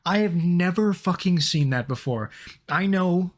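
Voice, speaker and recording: A man with a slightly higher voice streams and chats loosely, dropping curses and quick asides as he reacts. His tone is casual and conversational throughout. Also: expressive. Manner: chatty, swearing, quick asides.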